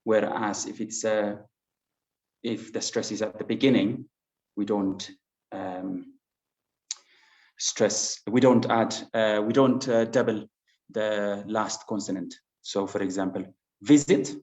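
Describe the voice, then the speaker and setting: A man's voice: lowish voice, flat delivery, unhurried, a little mellow. A man teaching an English class online, patiently explaining with many fillers and restarts. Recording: dull lo-fi sound in an echoey room.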